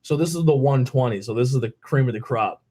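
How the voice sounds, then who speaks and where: Lively storytelling man from Pennsylvania. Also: mid-range voice, quick pace. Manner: animated, quotes people in raised voices, laughs often. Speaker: podcast host. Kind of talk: casual storytelling chat.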